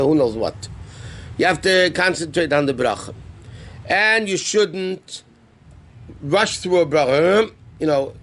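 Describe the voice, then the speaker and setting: A rabbi teaching a live class on Jewish law, explaining terms conversationally and asking the class questions. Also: male voice, on the high side, a little hiss or hum. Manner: answers student questions.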